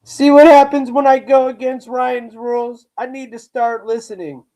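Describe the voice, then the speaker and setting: A man's voice: very high voice, fairly even intonation, normal speed, warm tone, low-quality recording. A young man hosting a livestream, rambling through a story in casual slang and chatting to viewers. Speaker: livestream host.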